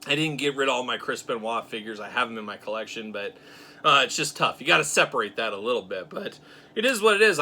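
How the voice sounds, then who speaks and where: A middle-aged man hosting a casual chat, animated and self-mocking, getting fired up as he talks. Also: medium pitch, a little hiss or hum. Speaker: host.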